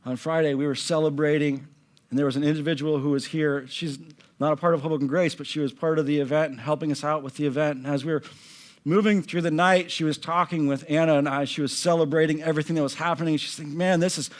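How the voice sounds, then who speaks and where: A man preaching a sermon from a church stage, swinging between loud emphatic lines and hushed, near-whispered passages. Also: a little high, fairly even intonation, fast. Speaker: pastor.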